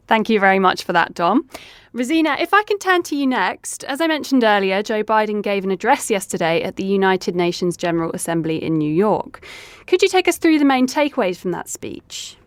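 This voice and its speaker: A woman hosting a news podcast, putting polite, brisk questions to her guests. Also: mid-range voice, lively intonation, dry recording. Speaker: host.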